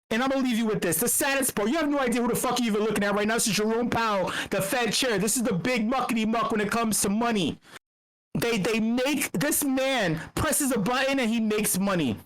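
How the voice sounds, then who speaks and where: On a rough computer-mic recording from an online meetup, a host with an animated, mid-range, somewhat bright voice talks a little fast. They sound tired while ranting comedically and profanely about money, rambling, stumbling, restarting, and doing mock quotes.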